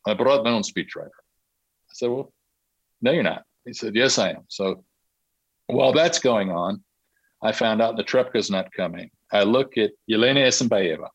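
A middle-aged man with a lowish voice spins a story as a podcast guest, switching into the voices of the people he quotes. The sound is close and dry, with no room around it. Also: normal speed, slightly rough, dry recording, lo-fi sound. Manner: animated anecdote-telling, acts out quoted dialogue. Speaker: interview guest, Olympic marketing consultant. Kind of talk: casual storytelling in a podcast interview.

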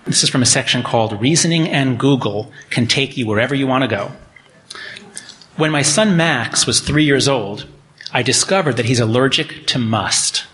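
A man's voice: mid-range voice, normal speed, fairly bright tone. A middle-aged man lecturing, reading from his own book and acting out quoted voices with animation.

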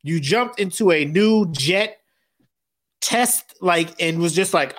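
A man co-hosting a podcast, chatting casually about movies, profane and animated, acting out characters' lines as he goes. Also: high-pitched, takes it slowly. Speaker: podcast co-host. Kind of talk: casual movie review chat.

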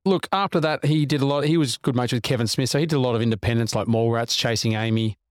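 A man's voice: medium pitch, quick pace, dry recording, clean studio sound. A man, co-hosting a film podcast in casual chat and rattling off film facts. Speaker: podcast co-host.

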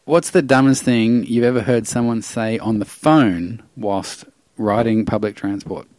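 Dry-voiced host man, relaxed. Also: lowish voice, measured pace, no room sound. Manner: relaxed, reads questions, agreeable. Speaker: podcast host. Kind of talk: casual banter.

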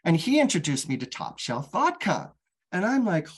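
A woman's voice: lowish voice, big pitch swings, moderate pace, breathy edge. A middle-aged woman telling her own life story candidly as a guest, frank and casual, swearing freely.

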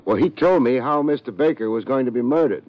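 A man's voice: mid-range voice, animated, a little fast, no room sound, close to an everyday voice. An actor playing a wry, hard-boiled male private detective who narrates and trades dry wisecracks, in 1950s radio drama style. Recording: dull lo-fi old radio recording.

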